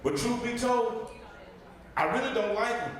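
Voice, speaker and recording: A man's voice: very high voice, animated, unhurried, a bit bright. A male comedian doing a stand-up set with brash, boastful punchlines. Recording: echoey club mic with crowd.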